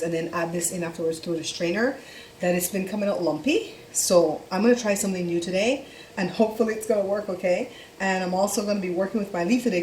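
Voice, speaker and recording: A woman's voice: medium pitch, a little mellow, a little hiss or hum. Chatty middle-aged woman hosting a cooking show. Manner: chatty, talks straight to viewers with frequent checks like "okay?". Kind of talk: casual cooking tutorial. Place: home kitchen.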